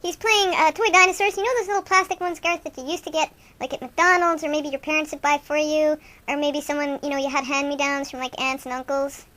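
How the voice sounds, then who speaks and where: A woman's voice: high voice, steady tone, a little fast, hardly any pauses, sharp tone. Woman doing rambling goofy buddy hosts. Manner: rambling, jokey, playfully self-mocking. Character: two goofy young male rock-fan buddies. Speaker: radio show host. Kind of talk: improvised comic banter.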